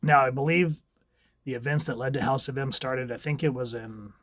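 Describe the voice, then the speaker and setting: A man's voice: mid-range voice, fairly even intonation, normal speed, fairly bright tone, dry recording. A man casually reviewing a comic book, chatty and a bit rambling as he recaps the pages.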